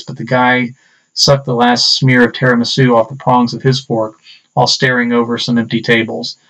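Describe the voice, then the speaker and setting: A man's voice: mid-range voice, fairly bright tone. A man reading his own short story aloud, stopping now and then to discuss editor's notes. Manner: reads steadily, breaks off to discuss edits. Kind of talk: live read-aloud and editing session. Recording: dull distant lo-fi recording.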